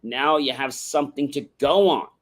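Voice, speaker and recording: A man's voice: medium pitch, moderate pace, fairly bright tone. Man teaching on a livestream. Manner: instructive, contrasts yes-no questions with open ones; rhetorical, often adds "right?". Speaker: livestream host. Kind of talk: motivational livestream talk. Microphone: livestream microphone.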